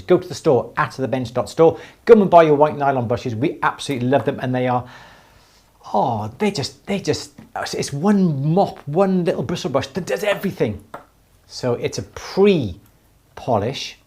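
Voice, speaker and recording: A man with a mid-range, darkish voice and a breathy edge hosts a live jewellery Q&A stream. As a jewellery teacher, he explains techniques enthusiastically, restarting his sentences often.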